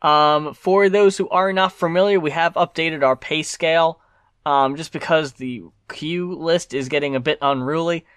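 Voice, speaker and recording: A man co-hosting a podcast, talking in a measured, steady way as he wraps up the show. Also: a little high, clean tone, no room sound, clean studio sound. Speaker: podcast co-host. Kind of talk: casual chat and show outro.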